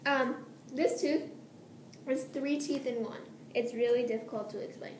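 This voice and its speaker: A woman's voice: high voice, normal speed, darkish tone. A nervous teenage girl rambling casually about her upcoming surgery, giggling often and drifting off topic, recorded in a room at home. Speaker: vlogger. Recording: echoey room, faint hiss.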